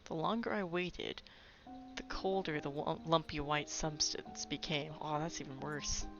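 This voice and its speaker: A woman's voice: sits low, measured pace. A woman playing a video game who reads its text aloud and breaks off into playful, chatty asides. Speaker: let's play gamer. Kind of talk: reading game text aloud with casual commentary. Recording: dull recording with game music.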